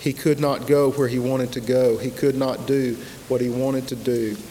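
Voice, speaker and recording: A man preaching a sermon, slow and emphatic, with dramatic pauses and repetition. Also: medium pitch, little pitch movement, dark tone. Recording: long hall reverb, faint hiss.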